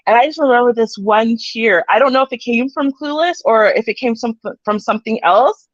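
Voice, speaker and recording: A woman's voice: fairly high pitch, brisk, no echo, lo-fi sound. A woman from Canada co-hosting a casual live-stream chat, bubbly and giggly, saying "like" a lot. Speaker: co-host.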